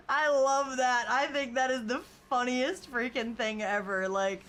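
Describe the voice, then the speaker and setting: A woman's voice: sits high, slow, a bit bright, slight background noise. A woman game streamer in casual live-stream chat, reading viewer comments and rambling through stories with lots of "like" and "you know" and frequent laughs.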